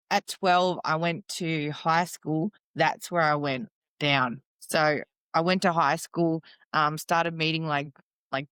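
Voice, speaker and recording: Low-voiced woman guest. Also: fairly bright tone, clear, resonant tone, no room sound. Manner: plain-spoken, casual, lots of fillers. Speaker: interview guest. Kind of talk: interview.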